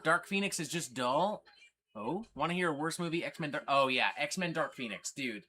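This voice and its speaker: A man hosting a loose, joking livestream, swearing freely as he rambles. His voice is bright and lively, swinging up and down in pitch. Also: moderate pace, slight background noise. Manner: rambling, profane, jokey. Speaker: livestream host. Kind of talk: casual livestream chat. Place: record store.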